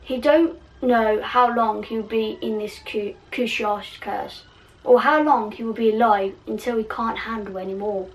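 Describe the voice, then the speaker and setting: Slow-reading woman, giggly and self-mocking. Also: fairly high pitch, fairly even intonation, distant mic, rough recording. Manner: giggly, self-mocking, stumbling over words. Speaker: channel host reading her fan fiction. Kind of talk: casual story reading with asides.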